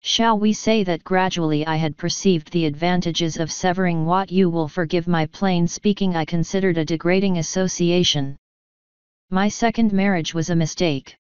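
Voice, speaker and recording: A cold aristocratic lord speaks in clipped, disdainful phrases, voiced by a woman reading an audiobook. The voice sits low and very clean. The recording is dry and slightly muffled. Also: moderate pace, darkish tone, clean tone, no room sound, natural voice. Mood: curt. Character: cold sneering aristocratic English lord, middle-aged man.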